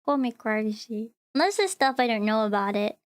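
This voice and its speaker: Animated and clean-toned, an Australian woman streams as a VTuber, talking at a moderate pace in a high, bright voice. She rambles freely, scatters "like" throughout, and reads her chat aloud as she responds to it.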